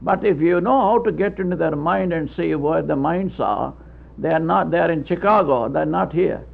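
A man's voice: fairly high pitch, moderate pace, creaky. A man preaching a sermon in an earnest, folksy way, chuckling and stumbling over his words. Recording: tinny old radio broadcast.

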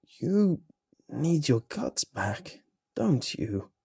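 A man voicing a weak, half-formed flesh creature in a horror story, with a harsh, creaking, barking grind in a quiet whisper. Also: on the low side, huge pitch swings, takes it slowly, dry recording, studio quality, heavily acted. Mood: defeated.

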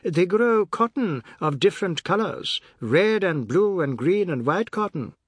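A man's voice: high-pitched, very animated, unhurried, slightly rough, no echo, voice pushed up, full character voice. A man reading a novel aloud, voicing a boastful, self-assured man who lectures a family about Russia. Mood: lecturing. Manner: grand, self-assured speechifying.

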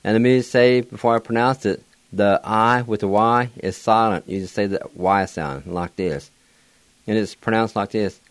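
Slow, deliberate man teaching words. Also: on the low side, no room sound. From Oklahoma, United States. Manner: slow, deliberate, spells letter by letter and repeats words. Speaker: radio host and language teacher. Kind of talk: radio language lesson, spelling and pronouncing words slowly.

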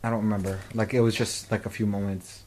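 A man in his twenties with a low voice, co-hosting a loose podcast chat. He rambles through stories, stacking up "um" and "like" as he goes. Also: level tone, fast talker, darkish tone, slight background noise, poor audio. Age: 20s. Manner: rambling storyteller, many fillers and "like". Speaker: podcast co-host.

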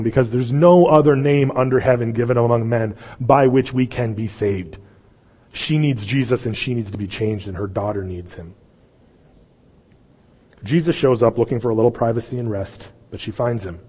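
A man's voice: medium pitch, slightly rough, in a large hall. A man preaching a sermon as pastor, telling the story with energy and acting out the voices of the people in it. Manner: animated storytelling, acts out voices. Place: church sanctuary.

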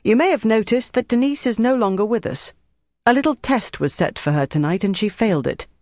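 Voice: mid-range voice, expressive, fairly quick, darkish tone, no echo, pitched above the performer's own voice, natural voice. An audiobook reader voicing a commanding young woman who leads a wartime team, firm and impatient. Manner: firm and bossy.

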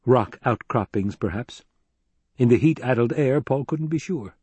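A man narrating an audiobook in a steady, even-toned way. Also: mid-range voice, measured pace, husky, no room sound. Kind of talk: scripted narration.

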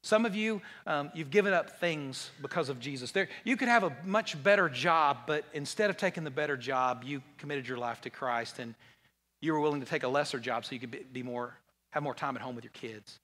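A man preaching a conversational, joking sermon, full of restarts and repeated words, and going low and quiet when he quotes Jesus. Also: fairly quick. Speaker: pastor. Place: large church hall. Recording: long hall reverb.

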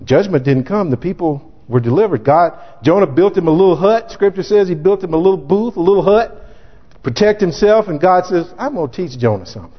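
High-voiced preacher in an echoey hall. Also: male voice, fairly quick. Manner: emphatic, acts out scripture in character voices, sometimes shouting. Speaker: pastor. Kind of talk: sermon. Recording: dull lo-fi recording in echoey hall.

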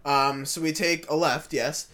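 A man's voice: a little high, a little slow. Rambling young man telling a story. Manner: rambling, animated, many fillers and restarts. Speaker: podcast host. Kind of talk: casual storytelling chat.

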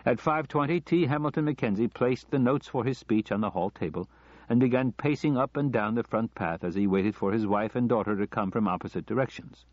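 A low-voiced man reads a story aloud in measured, even narration. The sound is close and dry, with a slightly dull, lo-fi tone. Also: no echo. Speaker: audiobook narrator. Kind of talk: scripted narration.

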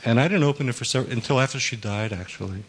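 A man telling a personal story to a group in a soft, hesitant way with many pauses. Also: mid-range voice, slight background noise. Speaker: workshop participant.

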